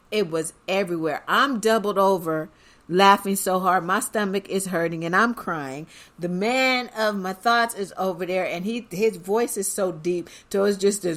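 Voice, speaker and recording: A woman's voice: mid-range voice, a bit bright. A woman hosting a podcast, telling a personal story in a chatty way and often laughing as she talks. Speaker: podcast host.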